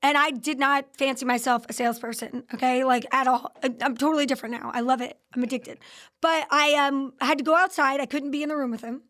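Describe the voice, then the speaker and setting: A woman's voice: high-pitched, fairly even intonation, fast, fairly bright tone. A woman podcast host telling her company's founding story in a casual interview, acting out the quoted dialogue with animation.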